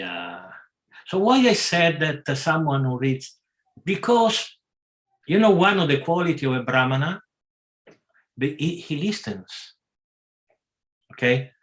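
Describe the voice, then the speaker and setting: A man leads a scripture class at a very unhurried pace. He gropes for words, stops often and corrects himself as he goes. His voice sits at an ordinary middle pitch. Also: a bit bright. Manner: halting, many pauses and self-corrections. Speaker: class speaker.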